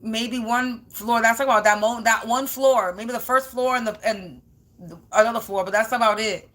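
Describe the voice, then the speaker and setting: A woman's voice: fairly high pitch, steady tone, moderate pace, a bit bright. A woman who reads tarot cards talks straight to her viewers in a loose, rambling way. Her speech is blunt and slangy, full of casual swearing. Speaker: tarot card reader.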